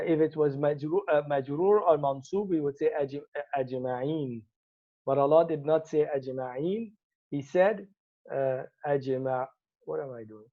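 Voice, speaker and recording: A man's voice: a little high, mellow. A man teaching Arabic grammar from Quranic verses, patiently explaining and repeating words for emphasis. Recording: tinny phone-like sound.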